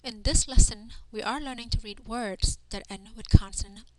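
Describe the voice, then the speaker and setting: Woman teacher spelling out syllables slow and patient, voice a bit high, lesson voice-over. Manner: patient, sounds out syllables one by one. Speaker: language teacher.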